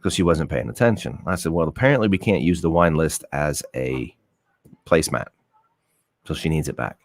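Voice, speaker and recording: A man's voice: extremely low pitch, lively intonation, normal speed, no echo. A young man hosting a live show, telling a profane dating story with acted-out quotes. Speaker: host. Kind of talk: casual storytelling to a live audience.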